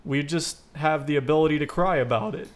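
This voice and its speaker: A young man hosting a casual comedy podcast, telling dark, absurd stories and laughing often. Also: a little high, a little fast. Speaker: podcast host.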